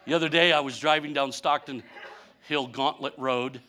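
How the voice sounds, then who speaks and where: A man in his fifties, a pastor preaching a humorous sermon with animated, mock-whining storytelling and folksy speech. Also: medium pitch, moderate pace. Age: 50s.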